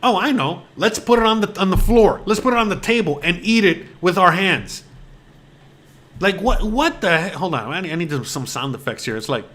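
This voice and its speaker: Exasperated high-voiced man ranting. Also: expressive, moderate pace, a bit bright. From United States. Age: 40s. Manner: rambling, heavy on fillers and restarts. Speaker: host. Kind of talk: casual rant to camera.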